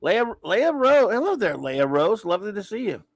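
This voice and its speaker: A man's voice: high-pitched, big pitch swings, normal speed, no echo. A man from Louisiana hosting a casual live-stream comics chat. He rambles through strong opinions and greets his viewers in a friendly way. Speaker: livestream comics talk host.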